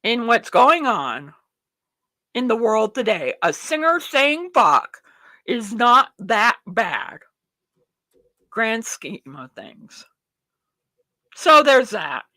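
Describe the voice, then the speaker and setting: High, lively woman host on a profane rant. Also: drawn-out words, long pauses, dry recording. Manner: blunt, profane, ranting; rambling with restarts and self-talk. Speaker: show host. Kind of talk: livestream commentary.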